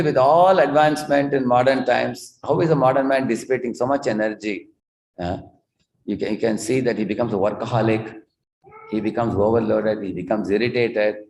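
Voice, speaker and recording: A man's voice: lowish voice, vocal fry, a little mellow, slight background noise. A man giving a spiritual talk with slides to a gathered audience, explaining and telling stories and asking rhetorical questions. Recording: echoey hall.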